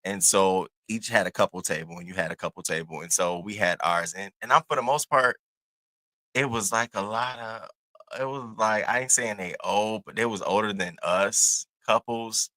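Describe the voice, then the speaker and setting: A man hosting his own channel, telling a casual story to his viewers in an animated, profane, chatty way. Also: lowish voice, normal speed, no echo. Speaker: host.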